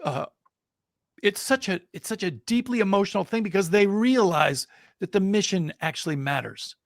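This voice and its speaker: Middle-aged guy telling a story on a podcast, animated, bit of fry in his voice, dead dry mic. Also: high voice, moderate pace, dry recording. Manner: animated, builds suspense with rising excitement. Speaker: guest storyteller. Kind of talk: casual interview, telling an anecdote.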